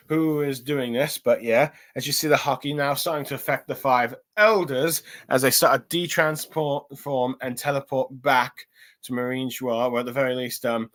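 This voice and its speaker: A man's voice: mid-range voice, fairly even intonation, measured pace, a bit bright. A man talks through a comic chapter in a loose, rambling recap, leaning on ums and restarting his sentences often. He sounds a little tired as he goes. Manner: rambling, lots of ums and self-corrections. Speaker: chapter reviewer. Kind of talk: casual recap and review.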